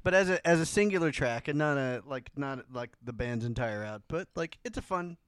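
A man's voice: medium pitch, animated, fairly quick, clean tone, no echo. A man hosting a casual music podcast who rambles, restarting sentences and filling them with "like". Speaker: podcast host.

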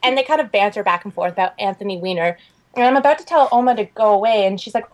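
A young woman co-hosting a podcast. She tells a story in an animated, chatty way and fills it with "like.". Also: medium pitch, fast talker. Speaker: podcast co-host. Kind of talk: casual chat.

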